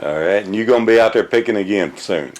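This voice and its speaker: A man's voice: lowish voice, fast, darkish tone. A man who chips in with short, casual prompting questions during an interview.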